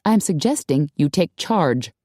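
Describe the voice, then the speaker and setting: A woman's voice: deep voice, lively intonation, a little slow, warm tone, no echo, studio quality. A woman voicing a determined young heroine with an earnest, emphatic delivery. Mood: insistent.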